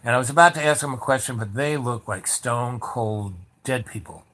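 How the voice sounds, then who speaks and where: A man telling a long anecdote in a loose, rambling way, with many fillers and restarts and lively bits where he acts out the people in it. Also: mid-range voice, normal speed. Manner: animated, acts out the voices of people in the story. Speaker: storyteller. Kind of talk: casual spoken anecdote.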